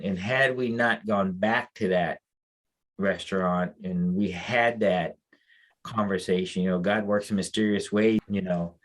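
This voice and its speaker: A man on a veterans' podcast telling a story in a casual, rambling way, full of restarts and moved by emotion. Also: sits low. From United States. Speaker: podcast co-host, mental health advocate.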